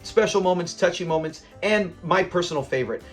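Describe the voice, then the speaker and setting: A man's voice: high voice, fairly quick, soft background music. A man hosting a classic TV reaction channel, talking in an enthusiastic, rambling and sentimental way. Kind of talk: casual commentary.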